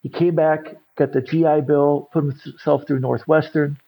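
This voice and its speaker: A man's voice: on the high side, steady tone, a little slow, gravelly, slightly rough, highs cut off. A middle-aged man, a recovery coach, telling his story in an interview and acting out other people's lines. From California. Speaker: podcast guest, recovery coach.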